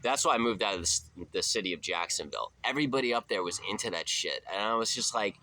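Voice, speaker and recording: Deep-voiced, bright-toned laid-back man. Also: lively intonation, fast talker, hardly any pauses, a little hiss or hum. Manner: laid-back, slangy and profane, drifting into spiritual musing. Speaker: vlogger. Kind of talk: casual rambling monologue.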